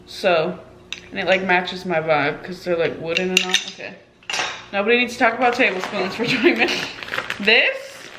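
A woman's voice: fairly high pitch, noisy background. A woman in her twenties chatting casually as a vlogger, full of fillers and swearing freely, talking into a handheld camera. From California. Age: 20s. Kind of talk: casual vlog chat.

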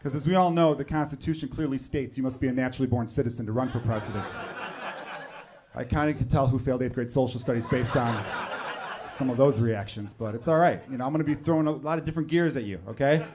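A man, performing a stand-up comedy set on stage. He talks conversationally and jumps into loud, exaggerated voices when acting out other people. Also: medium pitch, fast. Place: comedy club stage with laughing audience.

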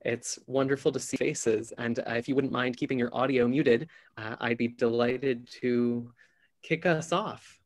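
A mid-pitched man opens a theatre patron event on a video call. His delivery is polite and welcoming, with a few uhs as he introduces the guests. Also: steady tone, a little slow. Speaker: director of development, host.

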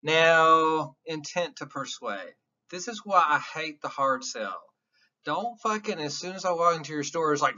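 A man's voice: a little high, lively intonation, unhurried, pushed and bright, dull audio. Blunt Southern man lecturing. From American South. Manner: loose, blunt, swears and acts out voices. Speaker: college instructor. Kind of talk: casual classroom lecture.

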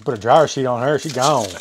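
A man's voice: medium pitch, noisy background. A man hosting a card box opening, rambling in casual chat, swearing freely and cracking crude jokes into a close mic. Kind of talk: casual chat while unboxing. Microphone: close mic he says he overloads.

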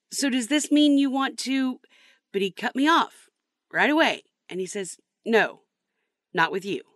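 A woman's voice: a little high, a bit bright, no room sound, studio quality. An actress playing a heartbroken young woman, telling her story in a bitter, sarcastic, rambling way. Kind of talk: comedy sketch acting.

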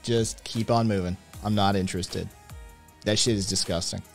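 A man hosting a casual livestream, reading chat messages aloud and answering them with loud, profane, animated opinions. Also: lowish voice, normal speed, creaky, faint music behind. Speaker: podcast host reading live chat.

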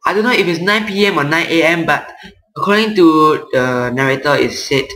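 A man's voice: fairly high pitch, moderate pace, pushed and bright. Chatty young-sounding gaming man. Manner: chatty, reading game text aloud. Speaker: gameplay reaction streamer. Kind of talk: casual game commentary. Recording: echoey room.

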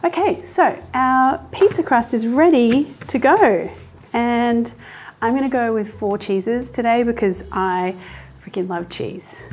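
A woman's voice: fairly high pitch, slow, a little mellow. A woman hosting a cooking show, chatting casually and explaining each step in an upbeat way as she cooks in a kitchen. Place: home kitchen.

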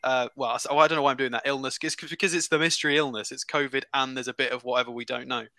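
Quick bright-voiced man chatting. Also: mid-range voice, steady tone, dry recording, clean studio sound. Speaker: podcast co-host. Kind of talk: casual fan chat.

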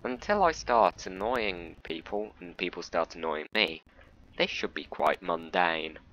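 A young man rambling to himself with dry, self-mocking humor while playing a bus-driving game, speaking through a headset mic in a monotone voice. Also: low voice, unhurried, vocal fry, muffled recording. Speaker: gamer commentating his play. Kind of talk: rambling solo gameplay commentary.

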